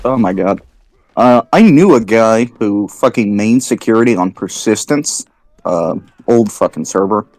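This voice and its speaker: A man telling animated gaming anecdotes in casual chat, swearing often. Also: lowish voice, unhurried, no echo.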